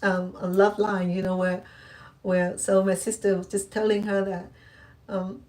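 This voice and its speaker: A middle-aged woman speaks a little away from the microphone, so her voice sounds slightly distant. Her talk is loose and rambling, full of restarts and fillers, in an even, mid-pitched voice. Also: a little slow. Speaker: cooking channel host. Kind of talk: casual personal talk to camera.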